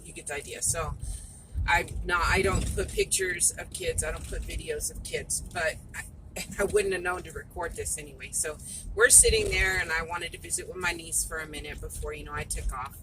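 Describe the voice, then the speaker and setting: A middle-aged woman vlogger with a deep voice and steady tone talks at a moderate pace to her phone camera from inside a car, rambling chattily through a story. The noisy car phone recording carries road and vehicle noise.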